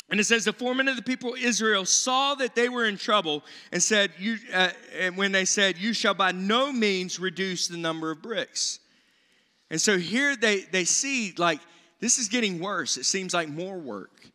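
A man preaching a sermon in a church, animated, with rising emphasis and paraphrased voices of biblical people. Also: high-pitched, moderate pace. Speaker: pastor. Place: church sanctuary. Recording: church hall reverb.

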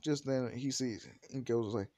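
A man's voice: mid-range voice, a little slow, warm tone, dry recording. A young man telling a fan fiction story casually, rambling and joking with many fillers.

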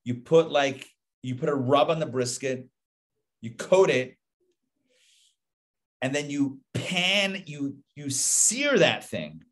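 Animated rabbi with a higher-pitched voice. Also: male voice, takes it slowly, pauses often. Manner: animated and conversational, with rhetorical questions and repetition. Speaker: rabbi teaching a daily Torah class. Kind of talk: casual live Torah talk.

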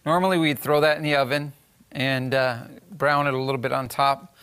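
A man's voice: mid-range voice, steady tone, brisk, fairly bright tone, smooth. A man who owns a restaurant, answering questions about his food in an easygoing, plain way. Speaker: restaurant owner and chef. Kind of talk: casual interview.

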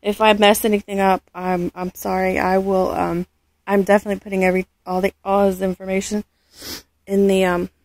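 A woman vlogging an unboxing, gushing and halting, often losing her words. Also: mid-range voice, flat delivery, darkish tone, dry recording. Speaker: vlogger unboxing a reborn doll. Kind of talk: casual unboxing vlog.

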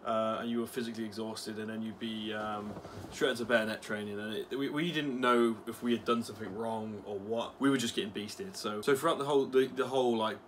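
A man's voice: on the low side, steady tone, brisk, a bit bright, a little hiss or hum. A young man, an ex-soldier vlogger, talking casually with swearing and lots of fillers. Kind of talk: casual commentary vlog.

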